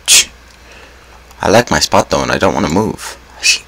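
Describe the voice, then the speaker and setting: A man's voice: sits low, lively intonation, normal speed, bright, forceful tone, slightly rough, low-quality recording. A young man giving casual gameplay commentary, full of self-mocking groans and dramatic exclamations. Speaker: gaming YouTuber.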